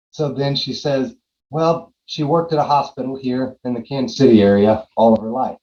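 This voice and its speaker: An earnest man in his forties tells a personal story as a podcast guest. He re-enacts his own side of a conversation with mid-range pitch and often repeats himself. The audio is slightly muffled. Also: normal speed, dark tone, slight background noise. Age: 40s.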